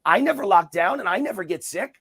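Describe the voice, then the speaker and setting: A middle-aged man speaks in a high, gravelly voice with a husky edge. He argues his case in an interview, forceful and combative, driving each point home through repetition. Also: animated, a little fast. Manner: emphatic, combative, repeats points for emphasis. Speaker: interview guest, commentator. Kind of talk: heated political interview talk.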